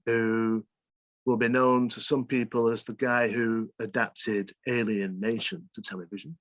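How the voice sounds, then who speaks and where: A man's voice: medium pitch, flat delivery, measured pace, dry recording. A man from England with a mixed Salford and Bolton accent, a guest author telling stories in an interview. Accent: northern English, Salford and Bolton mix. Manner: storytelling, imitates dialect phrases. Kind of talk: interview conversation.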